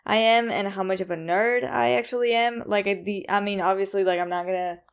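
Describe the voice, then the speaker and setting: A woman's voice: medium pitch, fairly quick, clean tone. A young woman hosting a casual solo podcast, rambling with lots of ums and likes, a bit anxious and self-conscious. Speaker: podcast host.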